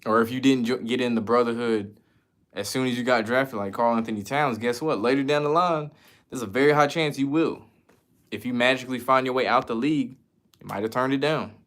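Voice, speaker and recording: A man's voice: medium pitch, fairly quick, a bit bright. A man from the United States chatting casually as a streamer, answering viewer questions in a loose, slangy, profane way. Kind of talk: casual chat.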